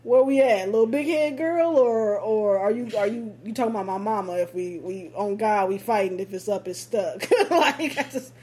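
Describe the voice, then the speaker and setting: A woman co-hosting a podcast in casual chat, laughing constantly and talking in animated slang. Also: mid-range voice, moderate pace, hardly any pauses. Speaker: podcast co-host.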